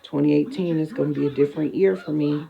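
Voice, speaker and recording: A young woman casually talking through her makeup routine for her first vlog, relaxed and easily distracted. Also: deep voice, fast, creaky, dull audio. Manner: relaxed, chatty, talks while working, drifts off to a TV. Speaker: beauty vlogger. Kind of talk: casual makeup tutorial chat.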